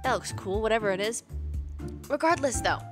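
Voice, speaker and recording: A young woman giving excitable let's-play commentary, chatting to in-game animals and squealing when things go wrong. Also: on the high side, fairly quick, over music. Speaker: gaming video creator.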